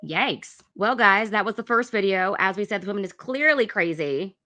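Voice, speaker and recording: A woman's voice: mid-range voice, expressive, moderate pace, music in the background. A woman hosting a reaction video, giving blunt, sarcastic commentary on clips.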